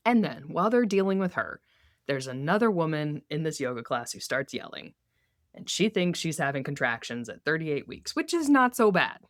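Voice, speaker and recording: Low-pitched woman chatting on a recap podcast, dry mic, laughs a lot and does the characters' voices. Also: normal speed, dry recording. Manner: animated, laughs often, acts out characters' lines. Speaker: podcast co-host. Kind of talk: casual recap chat.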